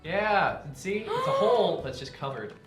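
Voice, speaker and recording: A man's voice: sits high, wildly swooping pitch, moderate pace, a bit bright. A young man co-hosting a game stream, chatting casually and giving rambling, wry opinions. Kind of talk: casual chat while gaming. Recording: roomy sound with game music behind.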